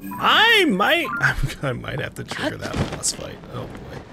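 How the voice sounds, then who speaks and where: Lively, swearing let's play man. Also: mid-range voice, takes it slowly, creaky, loud music behind the voice. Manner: swears a lot, yelps and laughs in panic. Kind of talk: gameplay commentary.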